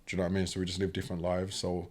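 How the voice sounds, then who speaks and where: Podcast guest: young British man, low voice, animated casual storytelling. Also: very fast. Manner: animated, acts out quoted voices; fills talk with "do you know what I mean".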